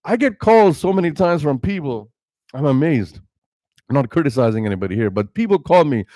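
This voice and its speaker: A man's voice: a little high, lively intonation, fairly quick, warm tone, no echo. A man, an imam, preaching an impassioned sermon into a microphone, full of rhetorical questions. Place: Islamic center prayer hall. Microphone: speaking into a microphone.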